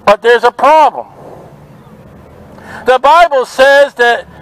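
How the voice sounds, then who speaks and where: A man's voice: extremely high pitch, rough recording. A man preaching fervently outdoors at a market, quoting scripture in an open-air sermon. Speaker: street preacher.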